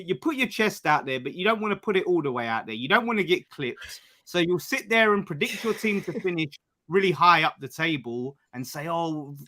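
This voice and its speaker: A man's voice: a little high, sharp tone. A man on a football podcast teasing the others in casual banter. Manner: teasing, needling. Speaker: podcast panelist.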